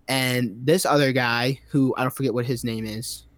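A man's voice: mid-range voice, fairly even intonation, normal speed, dry recording. A man giving a rambling, sarcastic recap of a movie's plot in a casual comedic style, full of fillers.

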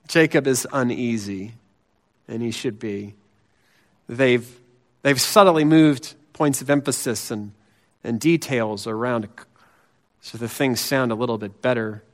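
A man preaching a sermon as pastor, earnest and emphatic, lifting his voice on key phrases and dropping it low and soft on others.

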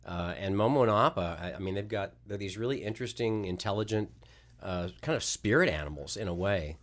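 A man's voice: fairly low pitch, lively intonation, fairly quick. A man who works as a voice actor, talking as a podcast guest in a loose, rambling way, full of restarts and laughing at his own stories. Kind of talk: casual podcast interview.

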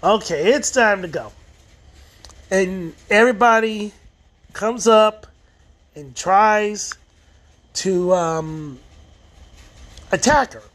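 A man with a high-pitched voice talks through an episode of a show in a loose, casual recap. He rambles, often backs up to restart a phrase, and acts out the quoted lines as he goes. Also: slow pace, long pauses, fairly bright tone. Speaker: TV show reviewer.

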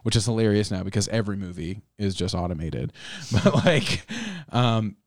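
A man's voice: lowish voice, normal speed, no echo, studio quality. A man hosting a casual movie-review chat who laughs often, swears freely and rambles.

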